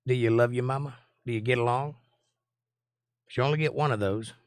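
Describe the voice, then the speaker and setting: A man's voice: mid-range voice, brisk, clean tone, no room sound, clean studio sound. A man in his forties with a Southern US accent, hosting a livestream and chatting in a folksy way with viewers. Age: 40s. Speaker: host. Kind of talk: casual livestream chat.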